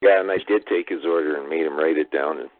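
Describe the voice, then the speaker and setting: A man's voice: very deep voice, fast talker, no room sound. A man hosting a call-in talk show, giving laid-back, brief replies to his caller. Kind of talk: casual call-in chat. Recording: dry tinny phone-like sound.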